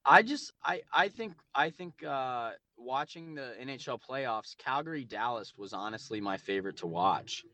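A man co-hosting a podcast, talking excitedly about hockey and often restarting his sentences. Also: medium pitch, normal speed, hardly any pauses, dry recording. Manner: excitable, repeats himself with restarts. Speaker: podcast co-host. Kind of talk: casual sports chat.

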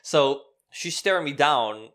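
A young man telling a story in casual chat, animated and profane, laughing often. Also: a little high, slow.

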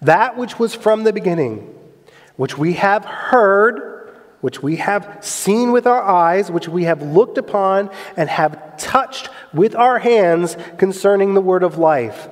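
A man with a high voice preaches in a church sanctuary, leaning hard on rhetorical questions and repetition. His delivery swings from loud, emphatic bursts to hushed lines. A long reverb trails every phrase. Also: expressive, takes it slowly. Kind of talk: sermon.

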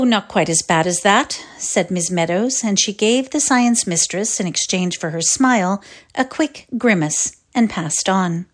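A woman reading a classic short story aloud, expressive and deliberate. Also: medium pitch. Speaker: reader. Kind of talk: dramatic literary reading.

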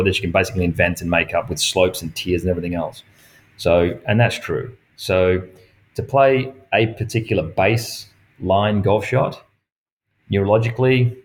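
Middle-aged male golf pro, lowish voice, chatty storyteller who laughs easily. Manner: animated, acts out quoted dialogue, laughs often. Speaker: golf professional. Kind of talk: casual storytelling chat.

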